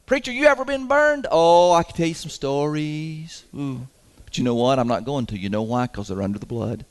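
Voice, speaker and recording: A man's voice: on the high side, very animated, measured pace. A man preaching a sermon to his congregation in a folksy, emphatic way, chuckling often. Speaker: pastor. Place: church sanctuary.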